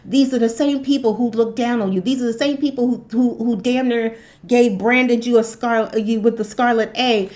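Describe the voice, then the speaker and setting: A woman with a fairly high voice talks through a spoken commentary. She is impassioned and keeps pressing rhetorical questions. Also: fairly even intonation, moderate pace, a little mellow. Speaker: spiritual commentator.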